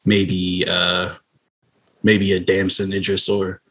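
A man's voice: low-pitched, completely flat delivery, slow, a bit bright, slightly rough. A man co-hosting a podcast, talking in a laid-back, earnest, slangy way in casual chat. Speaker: podcast co-host.

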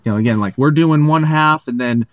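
A man at an ordinary middle pitch hosts a casual chat. He talks haltingly, full of "um" and restarts. The sound is dry and a little dull. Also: no room sound. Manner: hesitant, many fillers and restarts. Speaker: podcast host.

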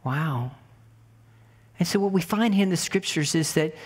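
A woman's voice: lowish voice, lively intonation, moderate pace, long pauses, husky. A woman preaching a sermon in a conversational way, repeating words for emphasis and asking the listeners rhetorical questions. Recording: long hall reverb.

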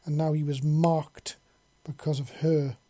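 This storybook narration is flat and level, with minimal pitch movement, delivered at a measured pace. The husky, darkly toned voice is recorded close and dry with no echo, and it reads steadily and bluntly, crude words included.

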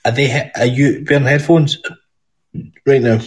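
A man's voice: medium pitch, steady tone, moderate pace, a little hiss or hum. A Scottish man hosting a podcast call, teasing callers with constant swearing and mock-aggressive banter. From Scotland. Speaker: podcast host. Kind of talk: casual call-in chat.

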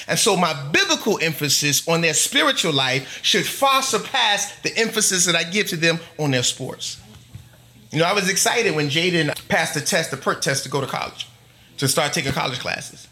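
A middle-aged man preaching in church with a high, bright voice that swings widely in pitch. He presses his points emphatically, stacking long rhythmic lists. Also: sing-song, moderate pace. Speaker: pastor. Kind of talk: sermon. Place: church before a congregation.

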